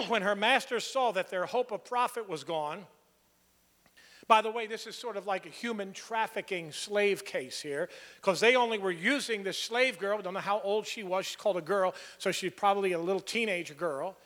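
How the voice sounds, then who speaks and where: A man's voice: high voice, normal speed, fairly bright tone, in a large hall. A man preaching an expository sermon, earnest and conversational, building to emphatic points. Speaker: pastor.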